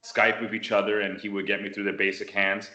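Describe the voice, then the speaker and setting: A man from the United States telling a martial arts story in an interview, animated and acting out what people said. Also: on the low side, fairly quick. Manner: animated storyteller, acts out quotes. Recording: roomy echo.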